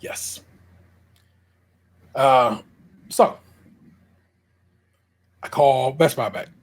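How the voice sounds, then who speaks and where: A young man hosting a podcast, retelling a frustrating episode in an animated, exasperated casual way. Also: medium pitch, drawn-out words. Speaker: podcast host. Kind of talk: casual storytelling chat.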